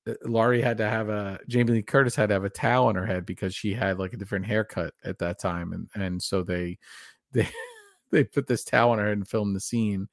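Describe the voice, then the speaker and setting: Speaking a little fast, this podcast co-host has a fairly low, creaky voice with fairly even intonation. He chats with enthusiasm on a casual horror film show, rambling through trivia and reading passages aloud, in studio-quality audio with no room sound.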